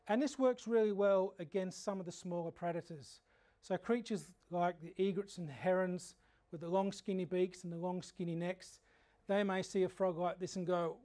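An Australian man giving a frog identification workshop, telling lively, humorous stories and explaining frog behaviour. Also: sits high. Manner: animated anecdotal storytelling. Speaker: frog educator. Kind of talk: workshop lecture.

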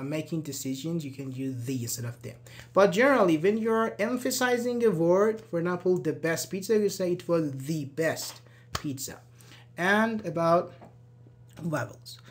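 A male English teacher leading a live online grammar class, patiently explaining and repeating example phrases while answering viewers' comments by name. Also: high voice.

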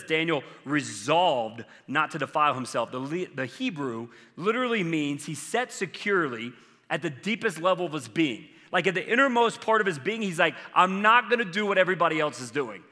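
Bright-voiced pastor preaching in an echoing hall. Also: male voice, fairly high pitch. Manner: conversational, earnest, fillers like "like" and "I mean". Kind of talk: sermon. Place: church sanctuary. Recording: long reverb from a large church hall.

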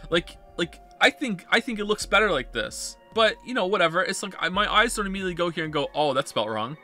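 A man's voice: sits high, animated, quick pace, sharp tone, faint music behind. A man streaming a game, muttering, reading text aloud and venting in exasperation. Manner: exasperated, swearing, muttering to himself. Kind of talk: live gameplay commentary.

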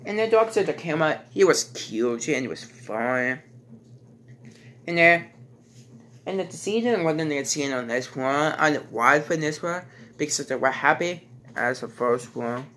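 Man, bright sharp voice, slightly high, halting, repetitive, rambling movie review. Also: lively intonation. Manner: halting, repeats "and then" often, restarts sentences.

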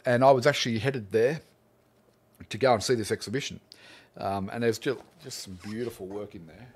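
A man's voice: on the low side, brisk, husky. Friendly Australian man hosting a livestream. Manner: friendly, greets viewers one by one by name. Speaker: art teacher hosting a livestream Q&A. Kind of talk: casual livestream chat.

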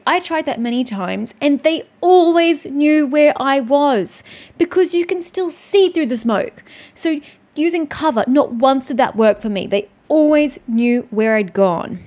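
A woman's voice: high voice, lively intonation, a little slow, darkish tone. A woman streamer commenting on her gameplay, exhausted and upset after crying, ranting with heavy swearing. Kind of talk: let's play commentary.

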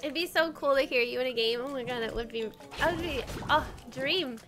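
The young woman is streaming a game again, giggly and bubbly as she chats with viewers and leans on "like" as a filler, while faint game music runs in the background. Her high-pitched voice is a bit bright and fairly quick.

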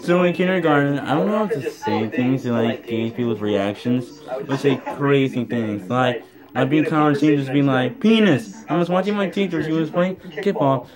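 A man telling a comedic story in an animated way, laughing as he goes. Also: mid-range voice, moderate pace, low-quality recording. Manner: animated, laughing through his own anecdote. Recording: audio with loud crowd laughter. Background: loud audience laughter.

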